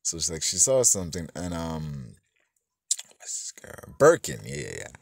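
A man's voice: low voice, very animated, normal speed, gravelly, a little hiss or hum. A man giving a rambling, profane, casual movie review, full of fillers and self-corrections, acting out bits of dialogue as he goes. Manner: acts out characters' lines in snippets.

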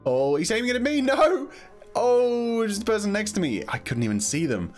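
A man commenting excitedly on a video game as he plays, jumpy and quick to laugh. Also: sits high, soft background music. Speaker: gaming video host. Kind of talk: gameplay commentary.

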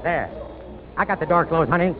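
A man's voice: a little high, moderate pace, lightly acted. A man playing a brash, emotional nightclub owner and emcee on New Year's Eve, in 1930s radio drama style. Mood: eager. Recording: muffled 1930s radio broadcast with music.

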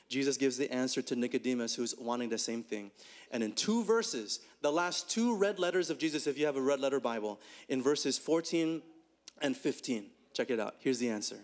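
A man preaching a conversational sermon, asking rhetorical questions and swinging his pitch up and down as he talks. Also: normal speed. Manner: animated, rhetorical questions, swings between high and low pitch. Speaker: pastor.

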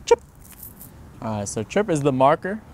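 A man's voice: medium pitch, animated, normal speed, a little hiss or hum. Man teaching dog training, chatty. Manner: explains with frequent "right?" tags, acts out dog thoughts. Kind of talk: instructional demo.

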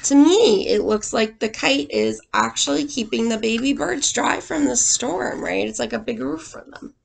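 A young woman teacher reading a picture book aloud to small children, with expressive sound effects and questions to the class. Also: a little high, moderate pace, gravelly.

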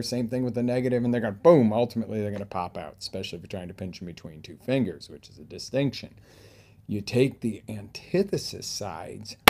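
A male fitness coach delivers a motivational talk straight to the viewer. His voice is fairly low and gravelly with some fry. He swings between loud emphatic bursts and quiet asides, acting out examples in other voices. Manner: talks through examples with acted-out inner voices.

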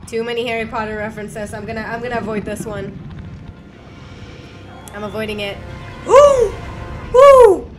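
A young woman commentating a video game she is playing, excitable, swearing freely and shouting at the screen. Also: mid-range voice, a little fast, pauses often. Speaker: gaming video host. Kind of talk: let's play commentary. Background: game music and sound.

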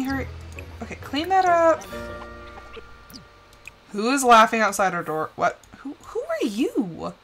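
A woman's voice: sits high, a bit bright. A young woman streaming a life-simulation game, chatting casually, laughing often and talking to the characters on screen. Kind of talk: casual live-stream commentary.

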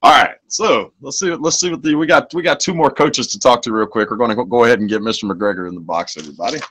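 A man hosting a live-streamed singing show, rambling and halting with frequent laughs. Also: medium pitch, fairly bright tone, breathy edge. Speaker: host.

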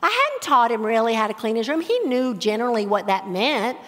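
A middle-aged woman teaching a Bible study on parenting, talking in a conversational, animated way. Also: a little high, fairly quick. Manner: conversational, animated, with laughs and acted-out examples. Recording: echoey hall with long reverb.

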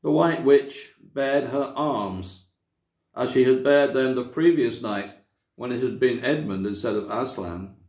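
A man from a church reading a children's story aloud, with measured, dramatic storytelling. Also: medium pitch, a little mellow. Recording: echoey room.

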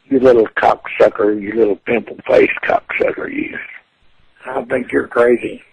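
A man's voice: medium pitch, fairly even intonation, moderate pace, vocal fry, husky. A furious man on a phone call who taunts and curses the caller in a profane rant. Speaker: prank call target. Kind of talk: angry phone argument.

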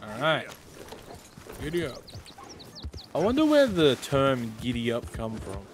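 A man's voice: medium pitch, huge pitch swings, moderate pace. A man streaming a video game, chatting casually, reacting and thanking followers. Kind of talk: casual chat while gaming. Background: game music and horse hooves.

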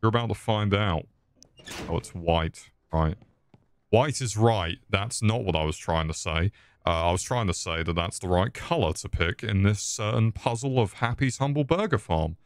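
A man's voice: lowish voice, animated, moderate pace, dry recording. A man streaming a game with casual, crude, joking commentary and frequent swearing.

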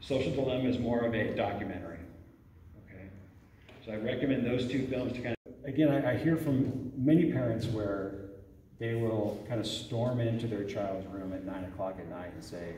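A man's voice: lowish voice, moderate pace, dark tone, slight background noise. A man leading a parent talk at a church, speaking conversationally and often checking in with "okay?". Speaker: youth ministry director giving a parent talk. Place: church hall. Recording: echoey hall recorded from far off.

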